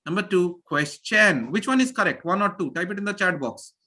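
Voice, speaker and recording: A man teaching pronunciation to a live online class over a video call. His voice is bright and sharp, and his pitch swings widely as he repeats phrases with energy to drill the students. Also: animated, a little fast.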